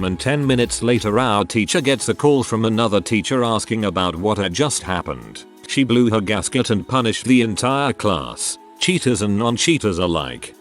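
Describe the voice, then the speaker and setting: A man narrating online stories in an expressive, wry way, dropping joking asides between them. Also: lowish voice. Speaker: story narrator.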